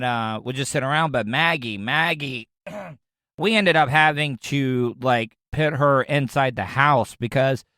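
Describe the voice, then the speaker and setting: A man's voice: medium pitch, a bit bright, clear, resonant tone, no room sound, clean studio sound. A man from Florida hosting his own podcast, riffing in a crude, sarcastic, rambling way. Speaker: podcast host. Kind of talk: casual comedic commentary.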